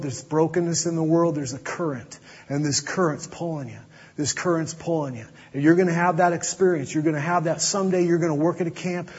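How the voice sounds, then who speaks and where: A man preaching a sermon as pastor, earnest, dropping to a hush to press his points. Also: on the high side, husky. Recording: dull audio with long hall reverb.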